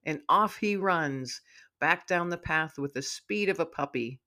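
A woman's voice: sits low, measured pace. A woman author reading her own story aloud in a heartfelt, storytelling manner. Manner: warm, heartfelt narration.

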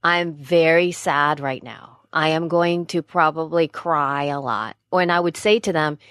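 A woman's voice: low-pitched, unhurried, a bit bright, clear, resonant tone, no echo. Candid rambling woman, dry close sound. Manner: candid, rambling, self-correcting. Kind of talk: casual chat.

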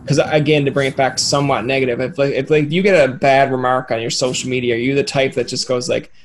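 A podcast host runs a casual interview, rambling and joking and often acting out other people's voices. He talks fast in a flat, medium-pitched voice, with a little hiss or hum in the audio.

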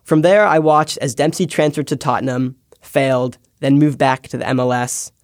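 A man's voice: medium pitch, steady tone, moderate pace, no echo. A young man from the United States reads his own essay with a wry, storytelling touch. His voice sits in a middle range and is recorded close and dry, with no room sound around it. The delivery is scripted but personal. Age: young adult. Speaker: podcast intern.

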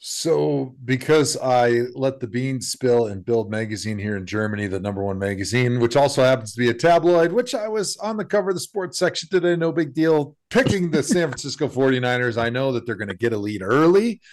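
Brief: male co-host, mid-range voice, lively anecdote teller who acts out the quotes. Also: mid-range voice, fairly quick, few pauses. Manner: animated storyteller, swings his voice up for quoted lines. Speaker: podcast co-host. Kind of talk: casual storytelling.

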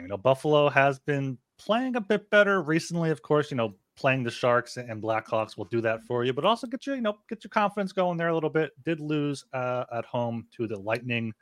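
A man's voice: fairly low pitch, a bit bright, no room sound, clean studio sound. A man co-hosting a sports betting podcast, rattling off odds and scores with frequent fillers. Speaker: podcast co-host.

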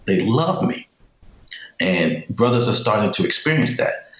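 A man's voice: fairly low pitch, big pitch swings, unhurried, fairly bright tone, roomy sound, poor audio. A man telling stories as a guest in a casual interview, emphatic and repeating himself as he talks.

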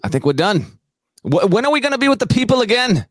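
A man's voice: high voice, very animated, quick pace, dry recording, studio quality. A man co-hosting a sports podcast in a put-on Australian accent, joking as he rattles off game listings. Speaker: podcast co-host. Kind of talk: casual sports podcast chat.

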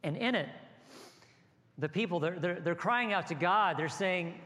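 Male pastor, fairly high voice, sermon with hushed lows and rhythmic rises, big hall echo. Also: animated, unhurried. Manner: builds from soft, low asides to raised, rhythmic exhortation. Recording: long hall reverb with soft music behind.

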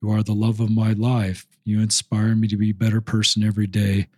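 A middle-aged man hosting a podcast interview, speaking slowly and earnestly as he reads a friend's post aloud. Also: lowish voice, completely flat delivery, darkish tone, no room sound. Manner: slow, earnest, moved to emotion while reading. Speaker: podcast host.

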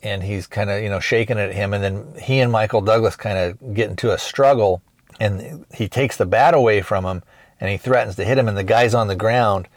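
Low-voiced man rambling through a film recap. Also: no room sound, clean studio sound. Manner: rambling, retells scenes with quick acted quotes. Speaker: podcast host reviewing a film. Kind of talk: casual spoken film recap.

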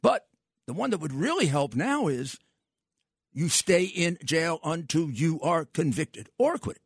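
A man's voice: fairly high pitch, sing-song, measured pace, slightly rough, dry recording, clean studio sound. An older man hosting a talk radio show, speaking with emphatic, scornful repetition.

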